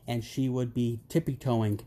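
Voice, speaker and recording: Animated joking middle-aged man. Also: mid-range voice, normal speed. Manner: animated storyteller, acts out quotes, jokey. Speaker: interview guest. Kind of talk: casual podcast interview.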